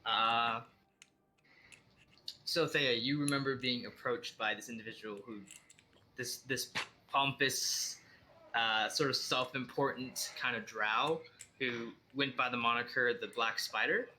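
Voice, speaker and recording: A man's voice: mid-range voice, unhurried, bright, forceful tone, a little hiss or hum. A man running a tabletop game as dungeon master, narrating casually with many fillers.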